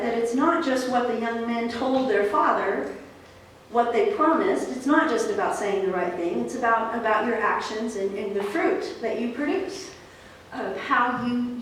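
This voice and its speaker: A woman's voice: fairly high pitch, moderate pace, slight background noise. Conversational woman pastor in an echoey church. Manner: conversational storytelling with fillers. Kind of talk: sermon. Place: church sanctuary. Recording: echoey church hall from far off.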